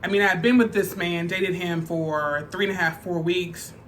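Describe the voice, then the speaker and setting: A woman's voice: on the low side, fairly even intonation, normal speed, a bit bright, slight background noise. A woman telling a personal story on her vlog in a casual, chatty way, full of fillers. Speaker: vlogger. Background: faint background music.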